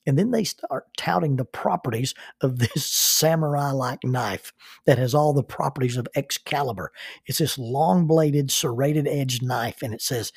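An older man, a minister hosting his own podcast, telling personal stories in an unhurried, reflective way and chuckling as he remembers. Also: mid-range voice, gravelly, slightly rough, dry recording, studio quality. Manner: unhurried, chuckles while recalling.

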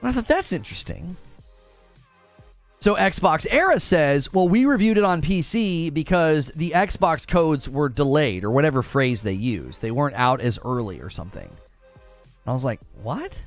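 A man hosting a casual livestream, reading chat and acting out his own reactions in lively commentary. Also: a little high, normal speed, no room sound, faint music behind. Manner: animated, acts out his own past thoughts. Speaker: livestream host.

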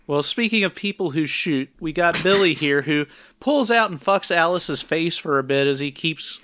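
A man's voice: on the high side, expressive, normal speed, bright, forceful tone, no echo. A man co-hosting a podcast, summarizing a film's plot in a plain conversational way with dry asides. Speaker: podcast co-host recapping a film. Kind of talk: casual recap narration.

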